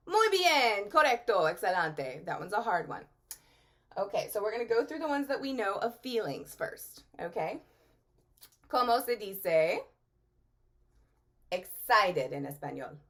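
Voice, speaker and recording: Lively woman teaching children. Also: mid-range voice. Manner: animated, sing-song teacher talk, acting out emotions. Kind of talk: virtual Spanish lesson for children.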